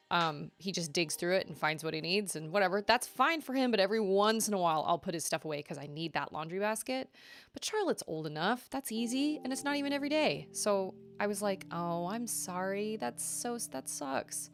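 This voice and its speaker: A woman in her thirties chatting casually to her viewers at home, rambling and laughing often. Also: medium pitch. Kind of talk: casual chat. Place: home bedroom.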